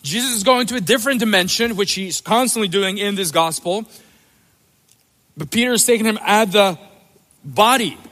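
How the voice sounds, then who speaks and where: A man's voice: sits high, normal speed, pauses often, bright, forceful tone, long reverb tail. A male pastor giving an emphatic sermon with playful asides, in a church sanctuary.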